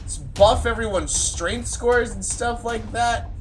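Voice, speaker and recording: A man with a high voice tells a tabletop game recap as its game master. His telling is loose and rambling, with lots of filler and swearing. Now and then he breaks into sudden loud bursts. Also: slow pace, soft background music. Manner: rambling and profane, full of "like" fillers. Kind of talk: casual session recap storytelling.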